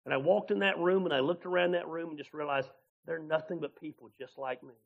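A male pastor preaching a sermon in a folksy, animated way, laughing often and acting out different voices. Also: a little high, a little fast, vocal fry, narrow, tinny audio. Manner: animated preaching, acts out voices of God and Moses.

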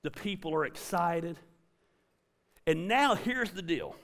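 A man's voice: sits high, animated, takes it slowly, gravelly, a bit bright. A middle-aged man preaching a sermon as a pastor, conversational and emphatic, with punchy repeated lines. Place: church auditorium. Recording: reverberant hall.

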